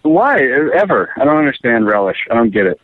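A man co-hosting a podcast, chatting in a goofy way with quick laughs and a sheepish streak. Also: mid-range voice, sing-song, no echo, narrow, tinny audio. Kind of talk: casual comedic chat.

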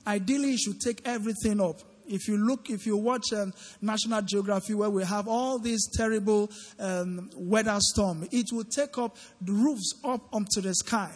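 A man with a high voice preaches in an interactive style, quizzing his congregation and prompting them to call back answers. His voice rings through a large church hall with a long tail of reverb. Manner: questioning the congregation, call-and-response. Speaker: preacher leading a midweek Bible study. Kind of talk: interactive sermon. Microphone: handheld microphone.

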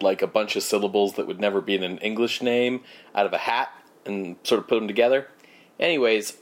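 A man co-hosting a podcast, rambling through a movie recap with lots of fillers and sarcastic asides. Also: lowish voice. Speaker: podcast co-host. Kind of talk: casual movie recap chat.

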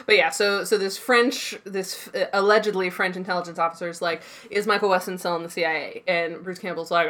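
A woman co-hosting a podcast, casually recapping a TV episode and acting out quick snippets of the characters' lines. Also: lowish voice. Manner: animated storytelling with quick put-on quotes. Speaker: podcast co-host.

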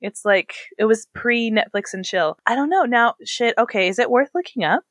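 A young adult woman co-hosting a podcast, talking in an animated, playful way with quick laughs. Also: fairly high pitch, no room sound. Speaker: podcast co-host. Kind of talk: casual chat.

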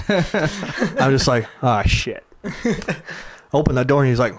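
A man's voice: medium pitch, sing-song, slow pace, crowd noise. A young man telling a rowdy drinking story in casual chat, laughing often and swearing freely.

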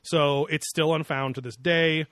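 A man chatting casually on a podcast, joking and laughing between thoughts. His voice sits a little high. The sound is close and dry, with no room around it. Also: steady tone, unhurried, fairly bright tone, no echo. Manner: laughs often, loose and joking, swears. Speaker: podcast co-host. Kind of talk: casual chat.

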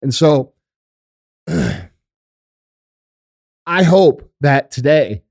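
Young male host, emotional and earnest, average pitch, dry close sound. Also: very slow, a little mellow, no echo. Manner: passionate, earnest, swears for emphasis. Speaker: show host. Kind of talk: heartfelt monologue to viewers.

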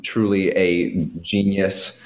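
A man, a guest from New York, telling animated stories in casual chat and swearing freely. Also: deep voice. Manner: animated storytelling, heavy swearing, quick asides.

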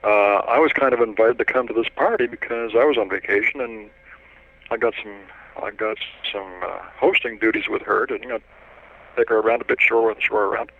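Older guy, kinda low voice, chatty storyteller, muffled lo-fi sound. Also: brisk, creaky. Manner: chatty anecdotal, with lively quoted voices and chuckles. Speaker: interviewee, retired trade editor. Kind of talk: casual storytelling.

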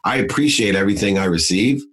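A man's voice: fairly low pitch, animated, fast, fairly bright tone. A middle-aged man telling his life story in an emphatic, motivational way, in short punchy phrases. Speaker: guest.

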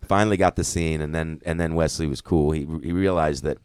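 A man's voice: extremely low pitch, fairly even intonation, a little fast, a little mellow, clear, resonant tone, no room sound. A middle-aged man, an actor guest, telling stories in a casual interview, swearing freely and acting out quoted dialogue.

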